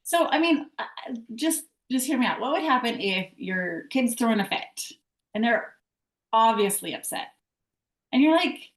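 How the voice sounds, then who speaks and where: Woman guest, bright higher voice, earnest and persuasive, echoey room sound. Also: animated, normal speed. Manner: earnest, persuasive, asks rhetorical questions. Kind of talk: casual chat. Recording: roomy echo.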